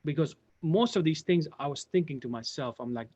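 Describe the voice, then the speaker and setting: A man's voice: fairly high pitch, fairly quick, warm tone. A man hosting a live stream, telling a personal story in a rambling way with many restarts and asides to viewers. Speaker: channel host telling his career story. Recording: dull lo-fi sound.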